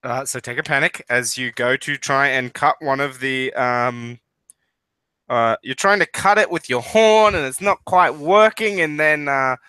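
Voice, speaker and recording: A man's voice: mid-range voice, unhurried, sharp tone, clean tone, no room sound, rough recording. A man running a comedic tabletop game as game master, narrating loosely with plenty of fillers and laughs. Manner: rambling, full of fillers and laughs.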